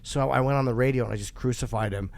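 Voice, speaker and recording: A man's voice: medium pitch, fast talker, creaky. A man hosting a podcast, telling rambling, self-deprecating stories in casual chat and laughing often. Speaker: podcast host.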